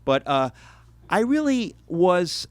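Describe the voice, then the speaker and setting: A man's voice: sits high, big pitch swings, slow, no room sound. Middle-aged us guy giving a book talk, earnest, restarts a lot, dry close sound. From United States. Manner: earnest and reflective, with frequent restarts and wry asides. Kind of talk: lecture to a live audience.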